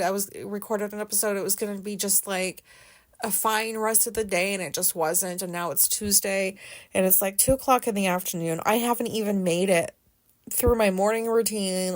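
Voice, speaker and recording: Rambling, teary woman podcaster. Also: medium pitch. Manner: rambling, hesitant, many fillers and restarts, swears casually. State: sad, teary. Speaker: podcast host. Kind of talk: casual personal monologue.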